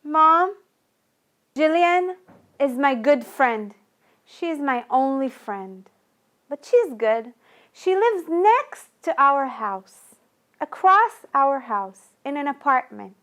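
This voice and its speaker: A woman's voice: high-pitched, big pitch swings, slow, a bit bright. A woman from Iran, performing a first-person monologue in the voice of her younger self, plaintive and repetitive. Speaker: storyteller.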